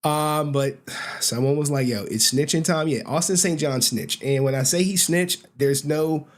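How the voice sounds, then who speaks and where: Brief: young male streamer, a bit high-voiced, loose slangy chatter, frequent laughs, close desk mic. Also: measured pace. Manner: laughing, rambling, slangy and profane. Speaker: livestream host. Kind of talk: casual livestream chat.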